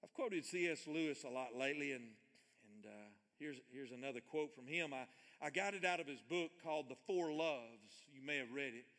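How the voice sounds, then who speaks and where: An older man preaching a sermon with earnest emphasis, shifting between loud stressed readings and hushed quiet lines. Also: medium pitch, moderate pace, big-room sound. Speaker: pastor.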